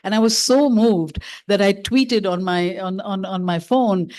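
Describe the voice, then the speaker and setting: A filmmaker woman from India, giving a memorial lecture through reflective personal stories, pausing on fillers and restarts. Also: medium pitch, fairly even intonation, a little mellow. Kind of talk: prepared lecture speech told as personal stories.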